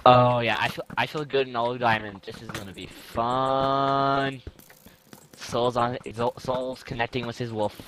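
A man's voice: mid-range voice, fairly even intonation, unhurried, fairly bright tone. A young man gaming with a friend, swearing and taunting other players. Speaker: gamer. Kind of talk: casual gaming chat.

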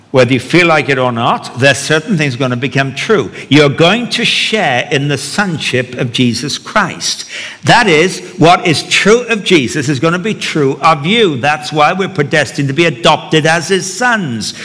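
Guy preaching, tells stories w dry humor, bright voice, big echoey hall. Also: on the high side, lively intonation, unhurried. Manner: storytelling with wry humor. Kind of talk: sermon. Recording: long hall reverb.

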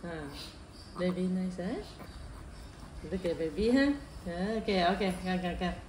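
A woman's voice: fairly low pitch, normal speed, a little mellow. A woman filming her family at home, coaxing the children with short, repeated instructions in casual chat. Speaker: parent filming a family vlog. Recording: echoey room with background noise.

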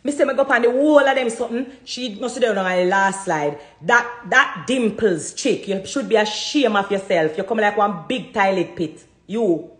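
Here a woman vlogger with a Jamaican Patois accent goes on a heated rant to camera at a moderate pace and medium pitch. Fiery and defiant, she keeps repeating herself for emphasis, recorded with a roomy sound.

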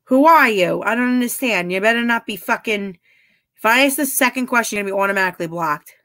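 A woman's voice: a little high, expressive, fast, pushed and bright. A woman chatting casually on a live stream, answering her chat bluntly and swearing freely. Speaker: livestreamer reading chat.

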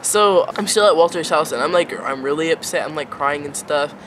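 A woman's voice: low-pitched, a little fast, fairly bright tone, a little hiss or hum. A young woman in her late teens telling a casual storytime vlog, rambling and filling nearly every phrase with "like" and "um.". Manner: rambling, filler-heavy, says "like" constantly. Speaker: vlogger.

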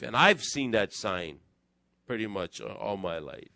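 A man preaching a conversational sermon in church, telling stories in an animated, digressive way. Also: lowish voice, normal speed, no echo. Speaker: pastor.

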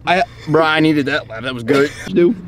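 A man's voice: a little high, normal speed, over a noisy crowd. A young man vlogging, teasing his friend and laughing while in a car. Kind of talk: casual joking chat.

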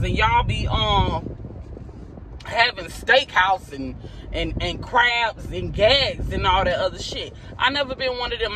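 A woman's voice: a little high, background noise. A woman venting in a ranting vlog, her voice swinging widely up and down as she gets worked up. She sounds exasperated and profane, talking into a phone from inside a car. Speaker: vlogger and mother. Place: parked car.

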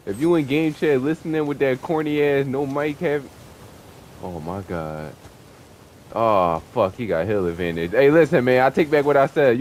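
A young man gamer commentating his own play, taunting rivals with a stream of profane jabs and sudden excited yells. His voice rises and falls a great deal as he talks. A faint hum of noise sits under the recording. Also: medium pitch. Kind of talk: trash-talking gameplay commentary.

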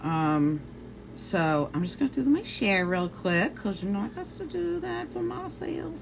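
A woman's voice: mid-range voice, sing-song, unhurried, gravelly, noisy background. A woman chatting casually on a livestream, swearing freely and greeting viewers by name. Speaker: vlogger.

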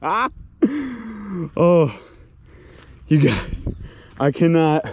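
A man vlogging from a lake shore while fishing, talking to viewers in bursts of loud exclamations and laughter. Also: fairly high pitch, takes it slowly, long pauses. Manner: breathless, exclaims loudly, laughs and talks to viewers. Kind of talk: excited on-the-water fishing vlog. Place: outdoors by a small lake.

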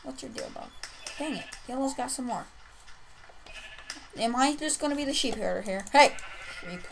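A young woman commenting on her own gameplay, playfully trash-talking other players and shouting in bursts. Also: a little high, animated, moderate pace, noisy background. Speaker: gaming youtuber.

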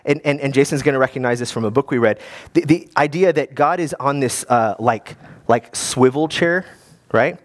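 A man, a guest pastor, preaching a sermon in a lively, conversational way with many restarts. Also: mid-range voice.

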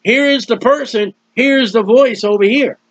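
A man's voice: very high-pitched, moderate pace, dry recording. A man preaching a sermon, explaining scripture plainly and reading out the verses in turn. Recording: dull dry lo-fi recording.

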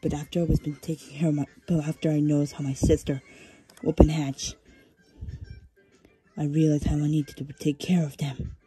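A woman's voice: sits low, fairly even intonation, unhurried, few pauses, mellow, slightly rough, no room sound, soft background music, full character voice. A woman doing a defiant young crow. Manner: angry, insistent.

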